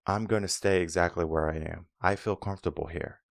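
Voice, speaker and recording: A man's voice: deep voice, steady tone, brisk, vocal fry, no room sound, studio quality. A man hosting a coaching podcast, telling a story about teaching swimming and acting out short quoted exchanges. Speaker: mindset coach and podcast host. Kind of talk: motivational podcast monologue.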